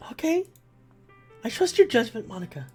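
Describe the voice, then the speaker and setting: A streamer voicing a timid, quiet teen girl in a visual novel, soft and hesitant. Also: a little high, sing-song, normal speed, slightly rough, faint music behind, pitched above the performer's own voice.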